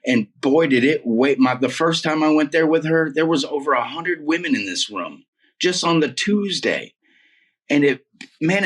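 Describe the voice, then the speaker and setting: A man in his forties telling his story as an interview guest in a casual, emphatic way, dropping "man" and "dude" often. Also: mid-range voice. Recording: voice a bit far from the mic.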